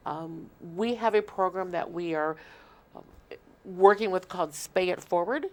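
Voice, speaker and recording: A woman's voice: on the low side, a little slow, darkish tone. A woman, a shelter guest on an interview show, explaining earnestly at length with frequent restarts. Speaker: shelter marketing manager, guest. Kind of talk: casual interview talk.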